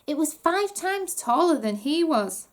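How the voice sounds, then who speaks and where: A woman reading a children's book aloud with animated storytelling. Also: sits high, unhurried. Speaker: reader.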